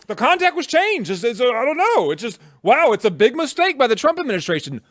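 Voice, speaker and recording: A man mimicking a flustered journalist feigning innocence, in a shrill mocking voice. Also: big pitch swings, fast talker, a bit bright, no echo, clean studio sound, exaggerated voice.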